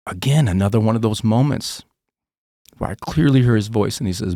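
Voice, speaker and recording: Deep gravelly man sharing testimony. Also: a little fast, warm tone, no room sound, clean studio sound. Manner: earnest, raw and emotional. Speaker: podcast guest. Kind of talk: personal testimony.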